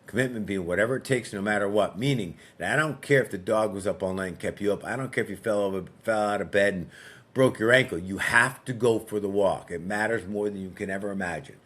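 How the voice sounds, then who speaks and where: Deep-voiced man telling a coaching story. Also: quick pace. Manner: relaxed storyteller who acts out dialogue; frequent fillers and restarts. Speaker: podcast guest, fitness coach. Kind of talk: conversational storytelling.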